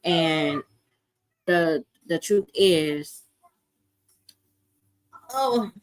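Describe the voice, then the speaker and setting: A woman with a slightly low voice, ranting bluntly and with plenty of swearing into her computer mic during a casual livestream. She reads out viewer comments and answers them, and often stops and restarts her sentences as she goes. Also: animated, low-quality recording. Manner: blunt, profane, fast rants with repeated restarts. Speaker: livestream host. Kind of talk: casual unscripted livestream talk.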